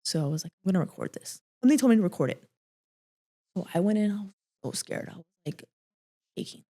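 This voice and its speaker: Soft-spoken young woman telling a hard story. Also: medium pitch, expressive. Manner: halting, many fillers and restarts, often drops to a quiet voice. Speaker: guest. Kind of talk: emotional personal storytelling.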